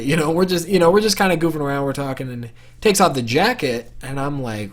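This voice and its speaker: A man's voice: mid-range voice, big pitch swings, brisk. A young man telling a personal story to camera for his vlog in a casual, rambling way, full of fillers and restarts. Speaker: vlogger.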